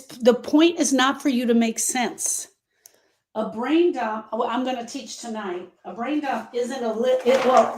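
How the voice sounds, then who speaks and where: A woman's voice: a little high, a little mellow. A woman hosting a grief-coaching livestream, talking to viewers with emphatic repetition and reading their comments aloud. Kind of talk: live-stream talk to viewers.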